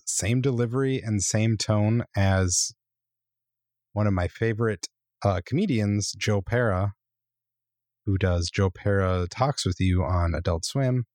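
A man's voice: fairly low pitch, darkish tone, no room sound, clean studio sound. A man co-hosting a podcast, rambling and opinionated, full of fillers. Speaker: podcast co-host. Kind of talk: casual chat.

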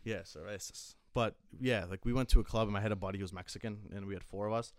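A man's voice: lowish voice, steady tone, quick pace. A young man telling stories in casual chat, rambling, swearing a lot and filling his talk with fillers. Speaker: storyteller.

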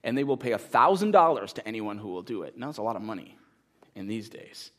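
Speaking fast in a lower register, this preacher tells a story with lively energy during his sermon. Afterward he turns quiet and earnestly appeals to his congregation.

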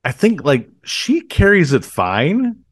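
A man's voice: on the high side, huge pitch swings, slow pace, no echo. A man co-hosting a podcast, chatting casually and hesitantly, with many fillers and restarts. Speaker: podcast co-host. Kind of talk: casual chat.

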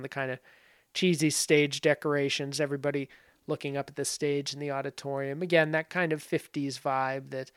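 A man's voice: a little high, clear, resonant tone, dry recording. Dry-voiced man musing over film links. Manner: rambling, with frequent fillers and asides. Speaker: film commentary host. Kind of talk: casual spoken film analysis.

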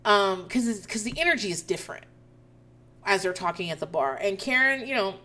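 A woman's voice: mid-range voice, expressive, brisk, sharp tone. A woman casually recapping a reality show episode, profane and incredulous as she tells the story.

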